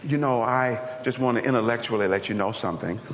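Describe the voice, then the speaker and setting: A preacher putting on a timid, overly polite minister. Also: male voice, medium pitch, brisk, slight background noise, voice pushed down, lightly acted. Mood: mock-gentle. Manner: soft, hesitant, stammering "well, well" and "uh". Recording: echoey hall, dull lo-fi sound.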